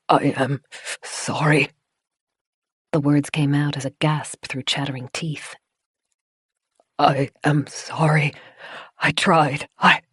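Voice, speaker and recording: A woman reads a horror novel aloud in a measured, tense manner. Her voice sits low and the recording is dry and close, with no room sound. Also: no echo. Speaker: audiobook narrator. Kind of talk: scripted narration of a horror novel.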